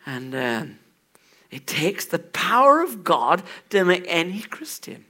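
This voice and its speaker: Male preacher, sermon, bright tone, lively pitch, hushed to loud. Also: slow pace. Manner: animated, swings from hushed to loud. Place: church.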